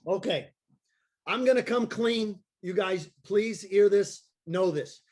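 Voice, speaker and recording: A man, a circus clown and daredevil, telling an animated story on a video call and acting out the voices of the people in it. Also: sits high, takes it slowly. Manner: excitable, acts out voices of people in his stories.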